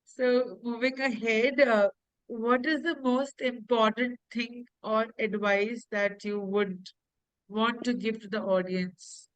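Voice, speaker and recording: A woman's voice: a little high, fairly even intonation, slow pace, dry recording, rough recording. A woman host interviewing a guest, asking questions politely with many hesitations. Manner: hesitant, full of uh fillers, polite. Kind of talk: online interview.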